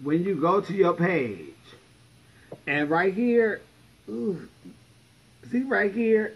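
A man in drag livestreams from home, telling stories in a blunt, profane, sassy way. His high voice is expressive and breathy, he takes his time, and the recording sounds muffled.

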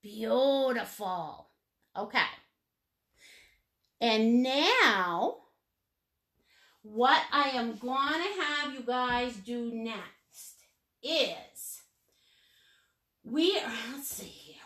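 A woman's voice: a little high, expressive, drawn-out words, pauses often, a bit bright. A woman teaching a live painting lesson step by step, playful and chatty, with sing-song asides. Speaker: painting instructor.

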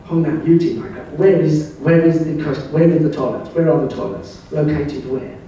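An older man from England giving a slide presentation at a club, telling wry, anecdotal stories in a relaxed way. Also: fairly high pitch, moderate pace, distant mic, a little hiss or hum. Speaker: club speaker. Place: club meeting room. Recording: very echoey room, voice heard from afar.

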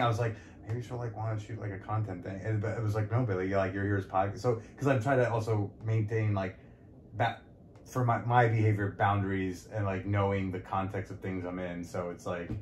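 Low-voiced man rambling in an echoey room. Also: steady tone, a little fast, darkish tone, muffled recording. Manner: rambling, many fillers and self-corrections. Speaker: podcast guest. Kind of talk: casual frank conversation. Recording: echoey room, light background noise.

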